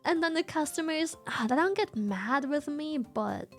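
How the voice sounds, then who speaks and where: A woman streamer chatting casually, telling a story in an animated, profane way and laughing often. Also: high-pitched, normal speed, faint music behind. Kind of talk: casual livestream chat.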